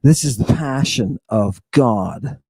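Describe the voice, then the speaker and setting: A man's voice: medium pitch, expressive, takes it slowly, a little mellow, slightly rough, dry recording. A man hosting an irreverent, theatrical lecture, mocking and talking straight to his audience. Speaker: host. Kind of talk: irreverent lecture on ancient texts.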